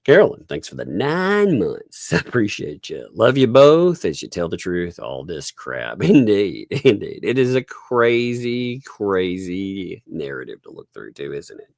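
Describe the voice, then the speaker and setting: A man's voice: sits low, wildly swooping pitch, unhurried, creaky, few pauses, a little mellow, no room sound. Guy hosting a live stream, rambly and chuckly, super dry close sound. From Oklahoma. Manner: rambling, chuckles often, thanks viewers. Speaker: livestream host. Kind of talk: casual live stream chat.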